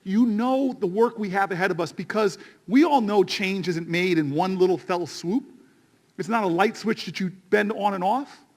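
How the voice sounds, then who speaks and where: Man, fairly high voice, politician, rally speech, passionate storyteller, rising to shouts. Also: normal speed. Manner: impassioned storytelling, building to shouted refrains.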